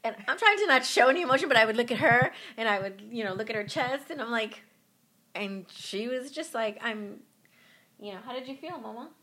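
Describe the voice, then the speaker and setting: A middle-aged woman being interviewed, telling a personal story in an animated way and acting out what people said. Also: on the high side, a little fast. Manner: animated, acts out quoted voices. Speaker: guest, mother of a patient.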